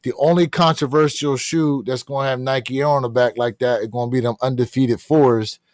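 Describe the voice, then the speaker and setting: A man co-hosting a casual livestream, opinionated and animated, with his pitch rising when he gets excited. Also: fairly quick, no echo, clean studio sound. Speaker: co-host of a sneaker livestream. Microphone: streaming setup.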